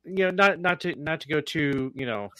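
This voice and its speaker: Male radio co-host, emphatic and rambling, with a bright, forward voice. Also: on the high side, lively intonation, normal speed. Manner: emphatic, rambling with many fillers. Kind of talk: political talk radio chat.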